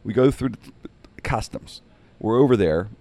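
Guy chatting and telling stories, kinda low voice, bounces all over, dry sound. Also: normal speed. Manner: animated, acts out quoted voices. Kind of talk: casual storytelling chat.

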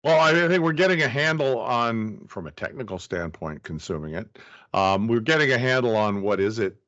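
A man's voice: on the low side, animated, brisk, fairly bright tone. Man explaining things in a dull lo-fi recording. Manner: explanatory, circles back with restarts. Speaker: guest. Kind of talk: casual conversational interview.

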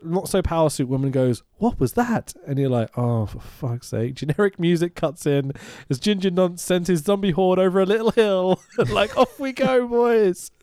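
A man's voice: on the high side, normal speed, hardly any pauses, warm tone, dry recording, clean studio sound. A man co-hosting a podcast, recapping a film in casual chat, swearing freely, laughing often and mimicking the characters. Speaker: podcast co-host.

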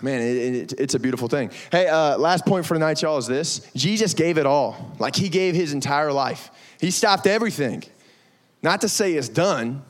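A young man preaching a lively, conversational sermon to middle schoolers, acting out quotes and saying y'all. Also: mid-range voice. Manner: animated, conversational, says y'all, acts out quotes. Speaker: youth pastor. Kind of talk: youth sermon.

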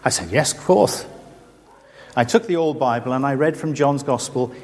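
A middle-aged man preaching in a church hall, earnest and full of rhetorical questions. His mid-pitched voice carries a long reverb from the room. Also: moderate pace, a little mellow. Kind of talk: sermon.

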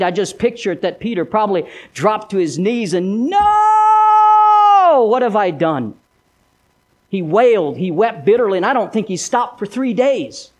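Delivering his sermon like a dramatic story, a male pastor alternates booming emphasis with quiet, low-voiced moments.

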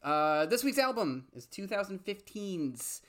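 A man's voice: high-pitched, very animated, unhurried, fairly bright tone. A young man co-hosting a music podcast, talking casually with frequent fillers and restarts. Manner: chatty, lots of fillers and restarts. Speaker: podcast co-host. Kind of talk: casual chat.

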